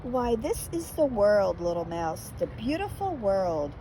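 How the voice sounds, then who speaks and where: Woman reads fond storybook mother mouse, mellow voice, lively melody. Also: mid-range voice, unhurried, a little hiss or hum, rough recording. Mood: reassuring. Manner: fond and reassuring. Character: warm loving mother mouse.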